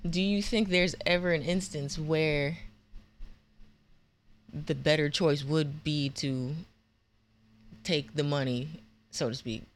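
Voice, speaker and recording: A woman co-hosting a casual live-stream chat, relaxed and giggly as she reads out viewer comments. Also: deep voice, takes it slowly, long pauses, slight background noise. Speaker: co-host reading comments.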